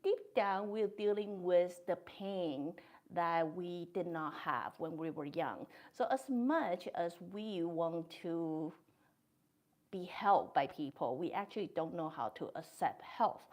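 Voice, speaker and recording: Woman podcast host musing gently, kinda low voice, non-native english grammar. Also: slow. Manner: gentle, thoughtful, with soft laughs. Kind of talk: reflective monologue.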